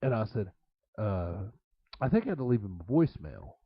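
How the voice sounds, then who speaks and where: A man's voice: on the low side, big pitch swings, moderate pace, breathy edge, dry recording. A man, a former wrestler, telling road stories in a rambling way, full of fillers and laughter. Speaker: interview guest, former wrestler. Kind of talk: casual storytelling. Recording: dull, lo-fi.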